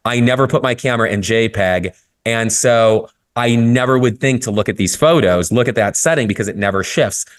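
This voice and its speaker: A man talking candidly in a casual podcast conversation, telling stories with frequent swearing and lively shifts in tone. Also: mid-range voice, normal speed. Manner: candid, profane, storytelling, lively. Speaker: guest photographer.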